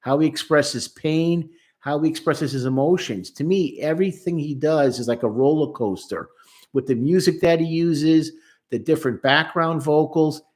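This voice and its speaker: Male therapist, slightly high voice, emphatic commentary on song lyrics. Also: normal speed.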